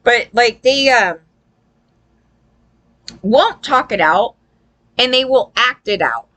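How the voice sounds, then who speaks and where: A woman's voice: on the high side, expressive, slow pace, a bit bright. A woman giving a loose, profane opinion rant to her viewers, often tagging lines with "right?" and acting out quoted people. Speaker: vlogger.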